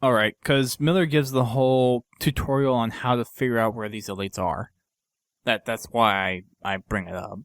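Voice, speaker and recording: A man's voice: mid-range voice, steady tone, normal speed, no echo. A man hosting a podcast, casually recapping a game mission in a rambling way with lots of fillers and restarts. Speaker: podcast host.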